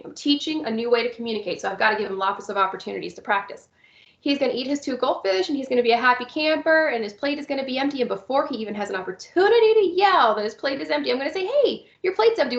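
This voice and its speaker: Fast-talking and animated, a high-pitched, creaky-voiced woman explains step by step, in a recorded presentation, how to work with young children who have visual impairments, performing cheerful teacher lines along the way. Her echoey room is captured with the highs cut off.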